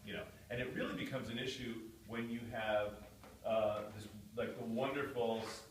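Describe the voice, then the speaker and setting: A man's voice: medium pitch, fairly even intonation, moderate pace, a little hiss or hum. A man giving a patient one-on-one guitar lesson, explaining with repeated words. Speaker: guitar teacher. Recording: echoey room, distant mic, guitar playing.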